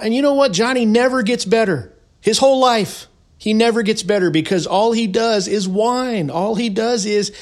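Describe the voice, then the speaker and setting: Middle-aged guy preaching motivation on his podcast, kinda high voice, gets loud and pushy. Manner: preachy, emphatic, rising to loud insistence. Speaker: podcast host. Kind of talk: motivational monologue.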